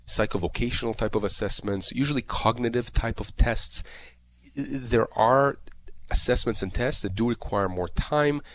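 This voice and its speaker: Explaining disability insurance claims on a radio call-in program, a disability lawyer guest expert talks at normal speed in a mid-range voice. He is emphatic and repetitive and leans on plenty of fillers.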